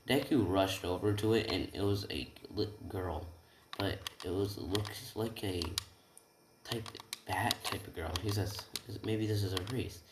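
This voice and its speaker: A man's voice: deep voice, background noise. Rambling young man telling a story. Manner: rambling, frequent tag questions and self-corrections. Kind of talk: improvised fan-fiction retelling. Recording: roomy room, distant mic, keyboard typing.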